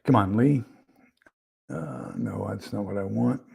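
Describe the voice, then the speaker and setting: Gravelly man rambling on a livestream. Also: on the low side, unhurried, darkish tone. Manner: rambling, filler-heavy, reads aloud while fumbling with screen share. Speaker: livestream host. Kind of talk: casual live-stream commentary.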